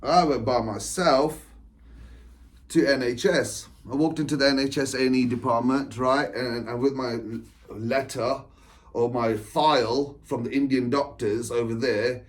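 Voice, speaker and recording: A man's voice: mid-range voice, steady tone, measured pace. A man, an author and spiritual coach, telling a personal story to camera in a meandering way, with restarts, laughs and frequent "right?" checks. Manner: breaks into short laughs while talking. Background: England.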